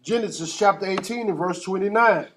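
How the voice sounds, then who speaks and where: Guy with a pretty high voice reading bible verses out loud, steady and formal. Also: brisk, slight background noise. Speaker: scripture reader. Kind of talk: reading scripture aloud in a Bible class.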